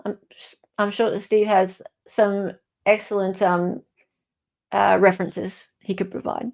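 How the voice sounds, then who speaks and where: A woman's voice: medium pitch, level tone, a little slow, vocal fry, darkish tone, muffled recording. A woman with an Australian accent hosts a casual livestream, reading viewer comments with wry, self-correcting asides. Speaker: online commentator.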